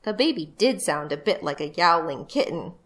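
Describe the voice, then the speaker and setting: A woman's voice: on the low side, normal speed. Woman reading a children's book aloud. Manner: lively storytelling.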